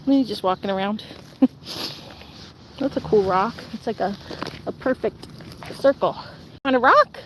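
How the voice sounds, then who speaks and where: A woman's voice: mid-range voice, a little slow, long pauses, background noise. A young woman streaming outdoors, chatting casually in a rambling way full of "like" and "um" while answering viewer comments. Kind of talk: casual chat.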